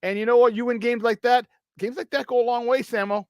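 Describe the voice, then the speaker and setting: A man co-hosting a casual sports talk show, animated and quick to laugh, talking with hype-man energy. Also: extremely high pitch, clear, resonant tone, no room sound. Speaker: sports radio co-host.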